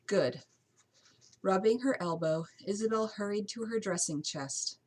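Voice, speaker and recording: A woman narrating a novel as an amateur audiobook reading, steady with occasional slips and restarts. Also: medium pitch, normal speed, husky, low-quality recording.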